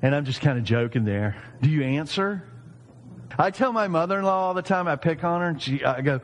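A man in his fifties preaching a sermon, animated and jokey, acting out quoted voices. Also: fairly high pitch, brisk, big-room sound. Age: 50s. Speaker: pastor.

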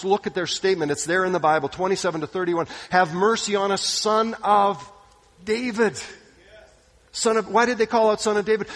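A man preaching a sermon, retelling stories with dramatic delivery, sometimes dropping to a hushed voice. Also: on the high side. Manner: dramatic storytelling, acting out quoted voices, drops to hushed tones. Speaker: pastor. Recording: long hall reverb.

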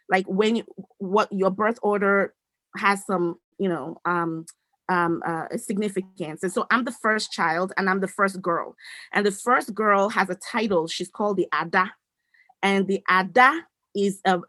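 An adult woman speaks as an interview guest, recounting her life in an animated, conversational way that acts out snippets of remembered dialogue. Her voice sits in an ordinary middle register, and the recording is dry and close with no room sound. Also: mid-range voice, no room sound. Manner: animated, acts out quoted dialogue, many restarts. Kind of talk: conversational storytelling.

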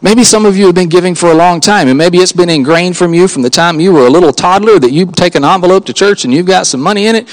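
Earnest preacher man, slightly high voice. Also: fast, hardly any pauses, low-quality recording. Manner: earnest and conversational, with chuckling asides and rising emphatic appeals. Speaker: pastor. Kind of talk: sermon. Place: church sanctuary before a congregation.

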